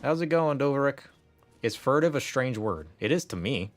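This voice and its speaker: A man's voice: mid-range voice, big pitch swings, normal speed, faint music behind. A young man casually commenting on a game he is streaming, laughing often and saying "like" a lot.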